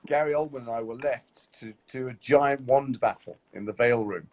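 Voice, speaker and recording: A man's voice: mid-range voice, moderate pace. A man chatting casually on a live video call, telling set stories and acting out what others said. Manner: animated anecdotes acting out other people's lines. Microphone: phone on a video call.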